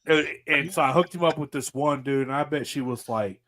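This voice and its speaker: A man's voice: on the high side, fairly quick, a bit bright. A man, hosting a podcast and telling rambling, profane stories in casual chat. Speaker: podcast host.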